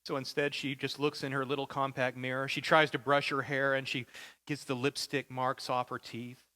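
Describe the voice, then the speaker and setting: A man's voice: mid-range voice, little pitch movement, moderate pace, bright, forceful tone. A male pastor preaching a sermon with vivid, dramatic storytelling.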